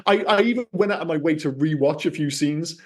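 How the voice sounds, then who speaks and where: A man co-hosting a casual film podcast, talking in an animated, rambling way and swearing freely. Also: a little high, brisk. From Scotland. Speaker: podcast co-host.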